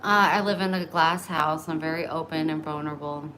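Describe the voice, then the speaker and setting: A woman's voice: low-pitched, fairly even intonation, a little fast, bright, forceful tone, a little hiss or hum, rough recording. A middle-aged woman talking bluntly and openly in a casual vlog, oversharing about her personal life. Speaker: vlogger. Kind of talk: candid casual chat.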